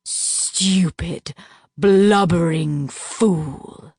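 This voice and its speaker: A woman voicing an unhinged, cruel male duke villain who hisses his words slowly and menacingly. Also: deep voice, steady tone, gravelly, darkish tone, no echo, clean studio sound, exaggerated voice. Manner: hissing, slow and menacing.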